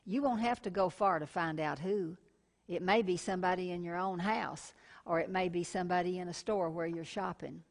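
A woman's voice: fairly low pitch, moderate pace. Folksy woman TV preacher. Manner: folksy and warm, calls listeners honey, tells personal stories. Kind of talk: sermon.

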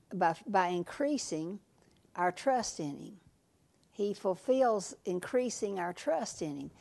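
A woman's voice: medium pitch, darkish tone. A woman preaching a sermon, earnest and emphatic, repeating her key lines and dropping to a whisper for asides.

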